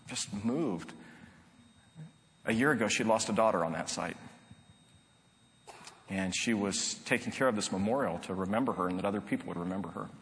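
A man's voice: on the low side, a bit bright. A middle-aged man preaching a sermon, telling a story in an earnest, conversational way with frequent restarts. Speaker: pastor. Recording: long reverb of a large hall.

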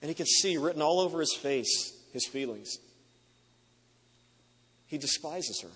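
A man's voice: a little high, expressive, a little slow, pushed and bright, husky. A man preaching a sermon to a large hall, telling the story with emotive repetition. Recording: long reverb of a large hall.

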